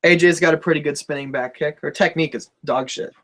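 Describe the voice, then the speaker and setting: Young guy riffing on wrestling with a buddy, swears a lot, voice sits a bit high, laughs easy. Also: fast talker, a bit bright. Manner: laid-back, swears freely, laughs a lot. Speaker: co-host of a wrestling talk show. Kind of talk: casual profane chat.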